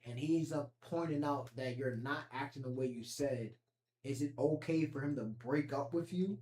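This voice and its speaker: A man's voice: on the high side, normal speed, darkish tone. A man hosting a casual chat, asking probing questions and rephrasing them. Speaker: podcast host. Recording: echoey room with faint noise.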